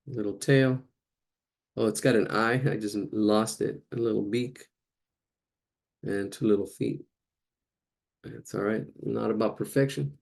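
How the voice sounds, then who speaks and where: Male drawing instructor, lowish gravelly voice, rambling and relaxed as he sketches live. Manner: rambling, chatty, thinks aloud while drawing. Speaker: drawing teacher. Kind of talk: casual live drawing lesson.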